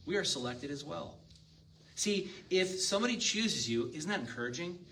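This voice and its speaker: A man's voice: a little high, animated, moderate pace, bright, forceful tone. Male pastor, conversational sermon delivery, heard from a distant mic over faint room noise. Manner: conversational, asks the congregation questions. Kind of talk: sermon with scripture reading.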